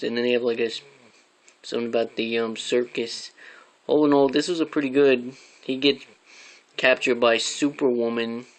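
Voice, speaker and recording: A man's voice: mid-range voice, steady tone, moderate pace, rough recording. A man giving casual, rambling comic book reviews, swearing now and then as he talks.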